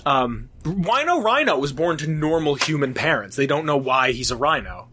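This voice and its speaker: A man's voice: a little high, very animated, normal speed, pushed and bright. A young man in casual chat, rambling with lots of fillers and swearing. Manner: rambling, filler-heavy, profane.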